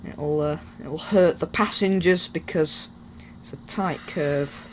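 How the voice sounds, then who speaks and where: A man chatting through a train game in a loose, joking, self-mocking way. His voice sits a little high. Faint game sounds run underneath. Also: slow, slight background noise. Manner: rambling, jokey, self-mocking. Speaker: gaming YouTuber. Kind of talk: casual gameplay commentary.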